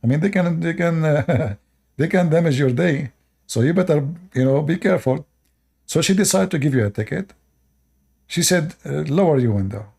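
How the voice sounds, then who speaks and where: Husky, gravelly man lecturing viewers. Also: on the high side, moderate pace, darkish tone. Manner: lecturing, rhetorical questions, repeats short commands; non-native English grammar. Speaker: online channel host. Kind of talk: preachy advice monologue to viewers.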